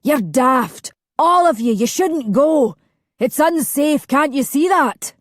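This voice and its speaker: A woman voicing an anguished young man in a nightmare who pleads in desperate shouts. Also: sits high, animated, unhurried, no echo, studio quality, voice pushed up. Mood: frantic.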